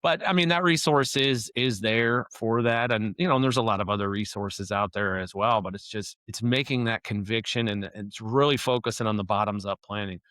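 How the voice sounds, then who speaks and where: A man's voice: fairly low pitch, a little fast, hardly any pauses, fairly bright tone, dry recording. A man talking as a guest on a business podcast, explaining in a casual, conversational way with frequent restarts. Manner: conversational, restarts and "you know" often. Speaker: construction operations consultant, podcast guest. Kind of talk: casual interview talk.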